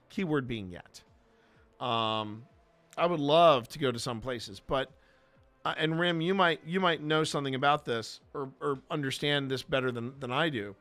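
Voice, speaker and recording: A paranormal investigator host from the American South, with a fairly high, bright voice, tells casual stories in a Q&A setting. He rambles, restarts often and leans on fillers.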